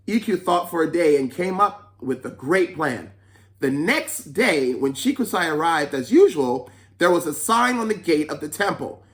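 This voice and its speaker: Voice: mid-range voice, big pitch swings, normal speed, a bit bright. A children's storyteller reading a folk tale aloud, with chatty asides to young listeners.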